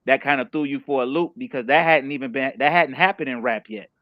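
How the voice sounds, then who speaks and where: A man's voice: medium pitch, fast, dry recording. Male interviewer, casual questions, dry muffled sound. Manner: conversational, asks follow-up questions.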